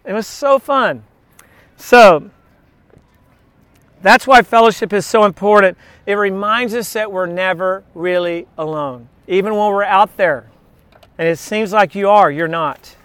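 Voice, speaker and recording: A man's voice: high voice, a little slow, fairly bright tone, clean tone, no room sound. A male pastor giving a casual, anecdotal sermon at an outdoor beach church, chatting with frequent asides to the congregation.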